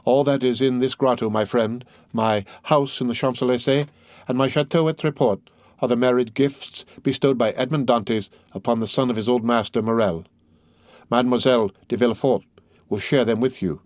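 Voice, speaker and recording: A man narrating a classic novel as an audiobook in a measured, steady reading. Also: medium pitch, dry recording, studio quality.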